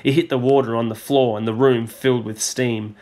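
A man teacher reading a storybook aloud to a class, measured and expressive. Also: medium pitch.

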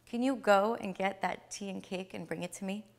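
A woman voicing a kindly elderly male Kabbalist sage, speaking gently and earnestly. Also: mid-range voice, fairly even intonation, moderate pace, vocal fry, lightly acted. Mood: tender.

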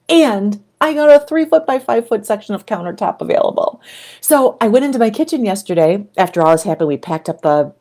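A middle-aged woman talking casually to camera as a coach, animated and breaking into excited exclamations. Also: lowish voice. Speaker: video creator and coach.

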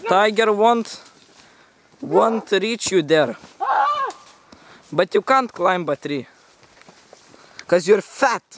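A man's voice: high-pitched, animated, drawn-out words, pauses often, background noise. A man vlogging outdoors by a forest river, in a teasing, mock-dramatic way, talking to his viewers. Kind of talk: playful outdoor vlog commentary.

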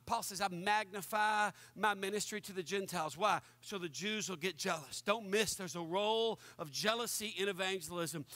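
A man preaching a lively sermon to his congregation and acting out the voices he quotes. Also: high voice, no echo. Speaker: pastor.

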